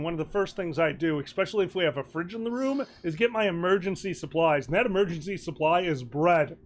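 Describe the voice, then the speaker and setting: A man on a charity stream telling a convention story in casual chat, animated and laughing through his story. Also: fairly high pitch, fast talker, hardly any pauses, faint music behind.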